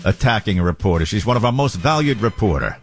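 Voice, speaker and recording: A man's voice: on the low side, animated, faint music behind. A man hosting a talk radio show, making sardonic comments and reading listener texts. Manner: sardonic, does quick mock impressions, reads texts.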